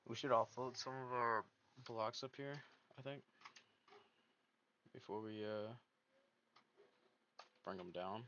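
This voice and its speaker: A man's voice: mid-range voice, takes it slowly, pauses often, bright, forceful tone. A man thinking aloud as he hosts casual gameplay commentary, rambling and poking fun at himself. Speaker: gaming video host. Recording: dull lo-fi mic with faint noise.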